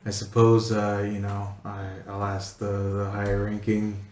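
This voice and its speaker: A man puts on a stern old master of a hidden village, low and unhurried, his voice soft and formal. The sound is roomy, with a little noise behind it. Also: monotone, close to an everyday voice.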